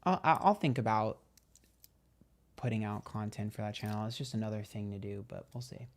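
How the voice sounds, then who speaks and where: A man's voice: fairly low pitch, fairly quick. A young man hosting a livestream tarot channel, telling stories in a chatty, gossipy way and swearing freely. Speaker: tarot reader and livestream host. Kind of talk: casual livestream chat.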